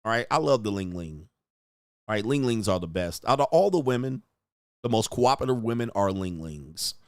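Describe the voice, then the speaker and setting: A man's voice: fairly low pitch, very animated, normal speed, smooth, no echo, clean studio sound. A man hosting a livestream, ranting crudely and rambling, constantly saying "all right" between points. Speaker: livestream host. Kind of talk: casual livestream rant.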